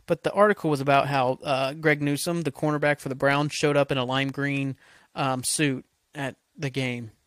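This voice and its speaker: A man's voice: mid-range voice, fairly bright tone, no echo. A man hosting a solo podcast, ranting casually with constant swearing and rambling asides. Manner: profane, rambling, heated. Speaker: podcast host.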